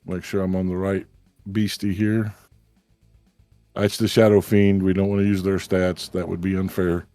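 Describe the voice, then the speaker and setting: A man narrating as game master of a tabletop game, with measured, descriptive narration and casual asides. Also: deep voice, level tone, warm tone, no room sound, soft background music.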